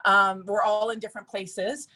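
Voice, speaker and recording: A woman's voice: medium pitch, level tone, normal speed, bright, forceful tone. A woman giving a personal testimonial to a group, chatty and earnest, with lots of fillers.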